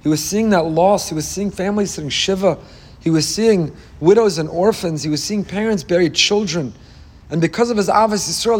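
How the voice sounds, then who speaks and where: Rabbi, male, high-pitched, preaching with passion and repeated phrases. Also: brisk. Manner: impassioned, repetitive rhetorical cadence. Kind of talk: Torah sermon on the weekly portion.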